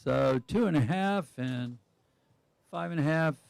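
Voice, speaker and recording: A man's voice: fairly high pitch, expressive, unhurried, creaky, a little mellow, clean tone, no room sound. Chatty male sports commentator, dry sound. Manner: chatty, thinking aloud about the skiers.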